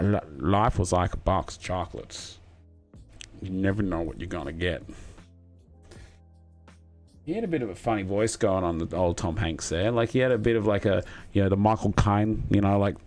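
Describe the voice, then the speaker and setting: A man in his thirties with a fairly low voice chats his way through a live stream. He rambles loosely and corrects himself as he talks, while soft music plays underneath. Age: 30s. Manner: rambling and chatty, many fillers and self-corrections. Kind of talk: casual live chat while building.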